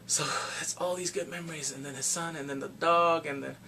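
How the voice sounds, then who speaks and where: A man recapping a film in casual chat, animated and full of reactions. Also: fairly high pitch, fairly quick, vocal fry, a little hiss or hum. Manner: animated, reacts with exclamations and gasps. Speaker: movie reviewer.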